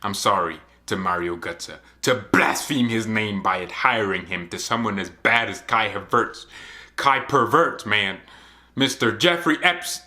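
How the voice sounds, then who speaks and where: A young man hosting a casual football fan vlog, joking and animated, often putting on mocking voices. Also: lowish voice, a little slow. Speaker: football channel host.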